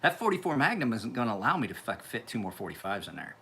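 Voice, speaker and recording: Profane man rambling on a live feed, laughs a lot, bright tone. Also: mid-range voice, big pitch swings, fast talker, gravelly. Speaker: knife sharpener hosting a live stream. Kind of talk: casual live stream chat.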